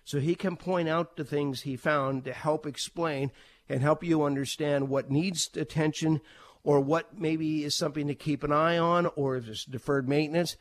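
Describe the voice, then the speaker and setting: Steady practical man explaining home buying. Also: fairly high pitch, normal speed. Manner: plain, practical, steady explaining with occasional fillers. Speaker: realtor.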